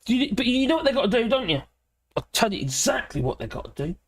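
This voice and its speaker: A hoarse woman with a British accent hosting a casual live political chat, laughing often and greeting viewers by name. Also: a little high, very animated, fast, dry recording. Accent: British English. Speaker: livestream host.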